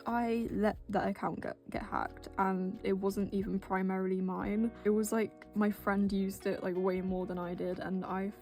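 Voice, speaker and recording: A woman's voice: medium pitch, flat delivery, normal speed, hardly any pauses. A young British woman with an accent that slips toward American, chatting in a rambling, self-deprecating way, full of fillers, as she narrates her drawing late at night. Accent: British with an American drift. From Britain. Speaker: art vlogger. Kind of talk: casual chatty voice-over while drawing. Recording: soft music bed behind.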